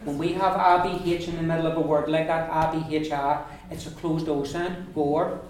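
Man, language teacher, slow repeated drills, slightly high voice, echoey classroom. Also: fairly even intonation, slight background noise. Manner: drills words by repeating them slowly. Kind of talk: classroom pronunciation lesson.

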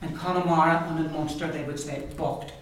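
A man's voice: fairly high pitch, little pitch movement, fast talker. Ulster man teaching pronunciation in an echoey classroom. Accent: Ulster Irish English. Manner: drills words aloud, modelling each sound carefully. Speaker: language teacher. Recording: echoey room, mic far off, faint noise.

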